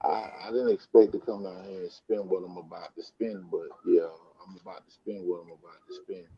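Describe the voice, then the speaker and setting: Deep-voiced laid-back man on a phone. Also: fairly even intonation, a little fast, husky, no room sound, dull audio. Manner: laid-back, rambling, says "man" often. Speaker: live stream host, comic collector. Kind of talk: casual chat. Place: comic book store.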